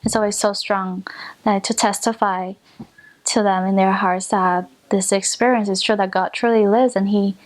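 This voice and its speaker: A woman's voice: medium pitch, steady tone, moderate pace. Chatty young woman, native Mandarin speaker. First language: Mandarin Chinese. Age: young adult. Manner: chatty with frequent fillers and soft laughs. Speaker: returned missionary. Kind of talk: casual personal story.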